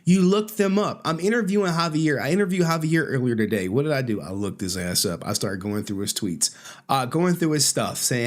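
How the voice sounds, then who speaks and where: A man's voice: mid-range voice, lively intonation, a little fast. Blunt, swearing man with a swooping voice. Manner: blunt, profane, mocking. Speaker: streamer reacting to an interview clip. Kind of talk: casual reaction commentary.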